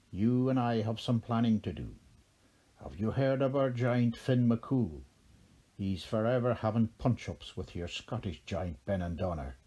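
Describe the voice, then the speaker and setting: A man's voice: lowish voice, mellow, husky. A man voicing a mischievous, teasing old leprechaun king in a lilting, playful storybook voice. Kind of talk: storybook character voice.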